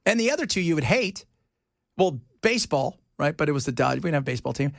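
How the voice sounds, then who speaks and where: A male radio talk show host with a fairly high voice that swings widely in pitch. He jokes and teases in loose on-air banter and slips into other people's voices when he quotes them. The sound is close and dry, like a studio mic. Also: quick pace, vocal fry, no echo. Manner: joking, teasing, animated.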